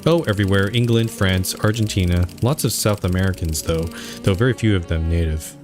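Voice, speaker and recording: A man's voice: sits low, brisk, over music, close to an everyday voice. A man reading aloud the lines of a polite, evasive woman who is a senior dental office administrator, as game dialogue.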